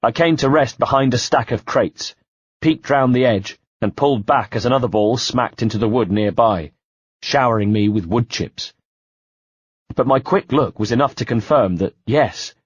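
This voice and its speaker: A man narrating an audiobook in the first person, measured and quietly tense. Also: mid-range voice, slightly rough, dry recording. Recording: dull dry home-studio sound.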